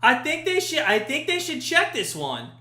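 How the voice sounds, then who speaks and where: A man hosting a live watch-party stream, giving chatty play-by-play that jumps to shouts at big chances. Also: very high-pitched, huge pitch swings, moderate pace. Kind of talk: casual watch-party commentary. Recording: echoey room.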